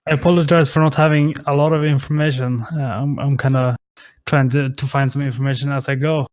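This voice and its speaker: A man's voice: medium pitch, little pitch movement, a little fast, no echo. A man casting a live online game tournament, hesitant and apologetic, with many fillers and restarts, on a headset mic. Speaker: esports caster. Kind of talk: casual live game commentary.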